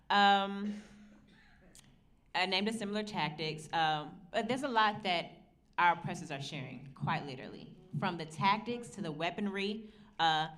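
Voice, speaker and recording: A woman's voice: fairly low pitch, fairly bright tone, far from the mic. A woman speaking on a panel to an audience, earnest and emphatic, asking rhetorical questions. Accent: Southern American, put on only at moments. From United States. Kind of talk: public talk to an audience. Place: lecture room at a university. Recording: roomy hall with faint ambient noise.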